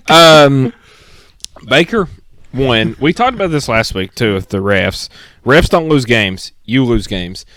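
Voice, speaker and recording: A man's voice: medium pitch, big pitch swings, slow, a bit bright, no room sound. A young man co-hosting a casual sports podcast, blunt and opinionated, laughing often. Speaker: podcast co-host.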